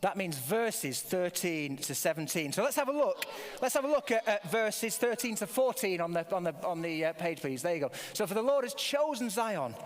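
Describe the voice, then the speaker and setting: A man's voice: high-pitched, animated, moderate pace, hardly any pauses. An older man from Britain giving a playful all-age church talk, quizzing the children with many restarts. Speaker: preacher leading a family service. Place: church hall. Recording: long hall reverb.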